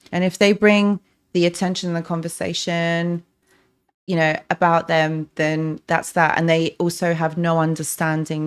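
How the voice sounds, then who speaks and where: A woman from North London with a softened London accent, hosting a live stream, reading out viewers' comments and answering them with encouragement and frequent restarts. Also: fairly low pitch, clear, resonant tone. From North London, England. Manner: warm encouraging, talks to chat by name, many restarts. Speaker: relationship coach, livestream host.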